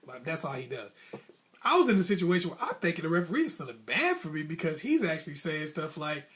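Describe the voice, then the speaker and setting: A man's voice: high voice, a little fast. A man hosting an advice channel, casually telling a story to camera and acting out the other people's voices. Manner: animated, acts out voices of coach and referee; casual, colloquial speech.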